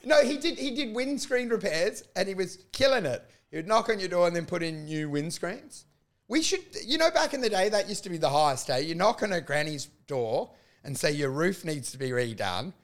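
Animated, high-pitched man. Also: fairly quick. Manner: animated storytelling, swearing, frequent laughing. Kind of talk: casual chat.

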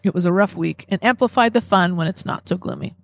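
A woman's voice: fairly low pitch, quick pace, vocal fry, dry recording. Playful woman reading listener mail. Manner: playful, laughs while reading aloud. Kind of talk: casual chat.

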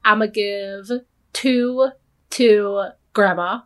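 Unhurried woman chatting as podcast guest. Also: mid-range voice, fairly bright tone. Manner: unhurried, thoughtful, laughs easily. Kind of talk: casual chat.

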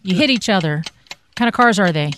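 A woman's voice: medium pitch, lively intonation, fairly quick, fairly bright tone, a little hiss or hum. A woman on a radio show giving quiz clues hesitantly, with many fillers.

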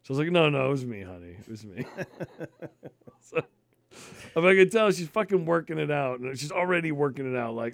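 A man's voice: a little high, animated, fairly quick, vocal fry, pauses often, no room sound. A man in his thirties co-hosting a podcast, telling stories in a casual, profane, chatty way. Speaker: podcast co-host. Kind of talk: casual chat.

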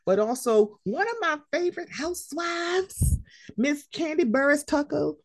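Animated, slangy woman gossiping. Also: sits high, a little slow. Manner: animated, slangy, acts out quotes. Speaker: podcast co-host. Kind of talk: casual reality TV commentary.

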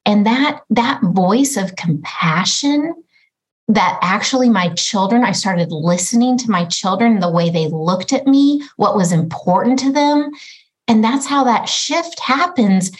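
A woman's voice: mid-range voice, lively intonation, measured pace, low-quality recording. A middle-aged mother talking earnestly as a podcast guest, often acting out her own inner voice. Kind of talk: reflective conversation.

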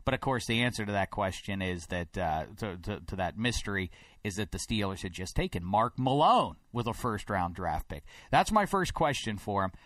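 A man from Pittsburgh hosting a sports talk show in a studio, rambling and getting more animated and emphatic as he goes. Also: fairly low pitch, normal speed, dry recording. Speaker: sports radio host. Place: broadcast studio.

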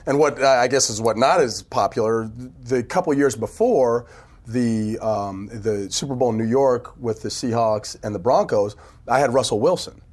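A man telling stories in a casual podcast chat, animated and laughing often, acting out what people said. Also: mid-range voice, normal speed. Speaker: team PR executive telling stories. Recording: phone interview audio.

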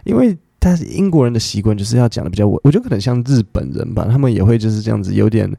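Host for an English lesson show: man, low, dark voice, explains phrases with lively acted-out quotes. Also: racing, vocal fry, husky, dry recording, clean studio sound. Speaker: podcast host teaching English.

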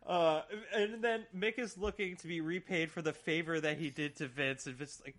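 A man's voice: on the high side, normal speed, few pauses, fairly bright tone. A man co-hosting a podcast, recapping episodes in casual chat with dry, easygoing storytelling. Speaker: podcast co-host.

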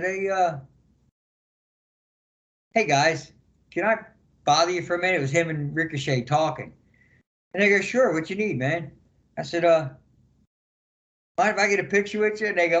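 High-voiced older man telling stories. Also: moderate pace, pauses often. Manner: animated storyteller acting out quotes. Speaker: guest, former wrestler. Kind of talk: casual storytelling interview.

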